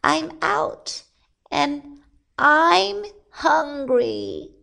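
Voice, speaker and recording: A woman voicing a greedy, excitable young male rabbit in a children's storybook, with a squeaky, eager manner. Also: drawn-out words, gravelly, heavily acted. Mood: whiny.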